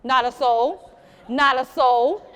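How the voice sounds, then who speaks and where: High-voiced woman telling stories. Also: slow, clean tone, big-room sound. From South Carolina. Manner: lively, teasing, talks straight to the crowd. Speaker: storyteller. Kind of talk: live storytelling to an audience. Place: museum program room.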